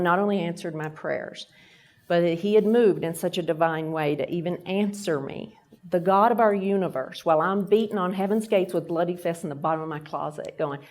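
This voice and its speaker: A woman's voice: fairly low pitch, darkish tone. A middle-aged woman from Texas with a Texan accent, giving a faith-based leadership talk at a lunch event and telling stories while acting out the voices. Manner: storytelling, acting out quoted voices. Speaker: guest speaker.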